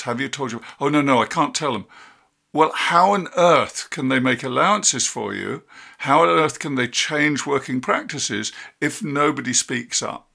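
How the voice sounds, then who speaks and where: Gravelly older British man. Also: mid-range voice, bright, forceful tone. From United Kingdom. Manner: reflective, storytelling with quoted dialogue. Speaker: podcast host, psychologist. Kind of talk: conversational interview.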